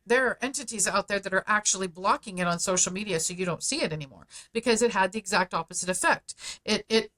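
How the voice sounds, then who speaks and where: A woman's voice: medium pitch, pushed and bright. A middle-aged woman speaking as a guest on a podcast interview, talking in an emphatic, persuasive way and leaning on key words. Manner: emphatic, persuasive, speeds up and slows for stress. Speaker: guest, founder of a parents' advocacy group.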